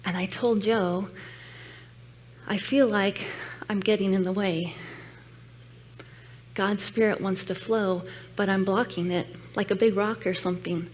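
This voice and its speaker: Speaking unhurriedly and pausing often, a woman in a church sanctuary shares her story as a guest speaker in an earnest, reflective sermon message. Her medium-pitched voice holds a steady tone. A faint hiss or hum can be heard.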